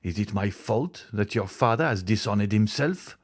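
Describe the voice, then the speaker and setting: A man's voice: on the low side, expressive, normal speed. A man voicing a proud, frightened older banker with a haughty, indignant way of speaking.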